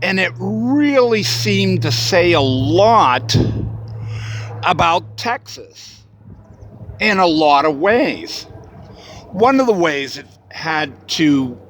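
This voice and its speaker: A man's voice: sits high, sing-song, extremely slow, fairly bright tone, a little hiss or hum. A man giving a casual spoken reflection for his vlog, rambling with many fillers and restarts. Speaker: vlogger.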